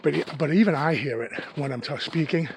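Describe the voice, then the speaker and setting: A man's voice: on the high side, brisk, gravelly, slight background noise. A man with a Boston accent, chatting casually and joking while hiking in a snowy forest, a little winded from the climb. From New England. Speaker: hiking vlogger. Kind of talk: casual walk-and-talk vlog.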